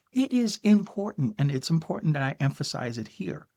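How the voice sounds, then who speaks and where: An older man delivers solo commentary as host of his show, speaking right to the listener. His voice is rough and gravelly with a husky edge, and he pushes his points with emphasis, often pausing on an "okay". His pitch sits in a middling range for a man. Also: sing-song, warm tone. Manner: emphatic, talks straight to the viewer with frequent "okay"s. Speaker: podcast host.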